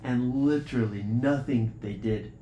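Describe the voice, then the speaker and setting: A man telling an improvised bedtime adventure story to children, jumping into voices for the characters. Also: unhurried. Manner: animated, jumps into high voices for characters. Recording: echoey room, faint hiss.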